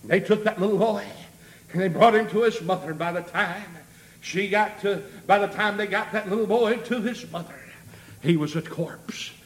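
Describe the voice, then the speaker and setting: A man preaching a sermon, building rhythmically into shouts with many amens and a habitual "uh" before phrases. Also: high-pitched, moderate pace.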